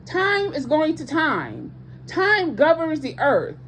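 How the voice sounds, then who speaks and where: A woman's voice: high-pitched, wildly swooping pitch, slow pace, fairly bright tone, slight background noise. A woman preaching with passion to online viewers as a ministry host, emphatic and repeating her points, with speech patterns and casual asides.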